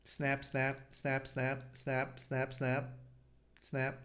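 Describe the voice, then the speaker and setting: A man's voice: mid-range voice, monotone, very slow, fairly bright tone. A man hosting a casual comic-review podcast, reading panels aloud and laughing often. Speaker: podcast host.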